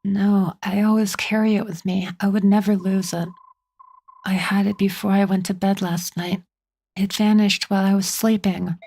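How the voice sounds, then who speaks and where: A woman's voice: mid-range voice, little pitch movement, moderate pace, vocal fry, warm tone. A woman doing a tearful young girl. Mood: distraught. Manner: pleading, tearful.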